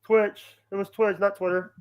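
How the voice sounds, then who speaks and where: A man with a fairly high voice hosts a relaxed stream conversation. He talks in halting bursts and often restarts his sentences partway through. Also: clean tone, low-quality recording. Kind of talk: casual chat.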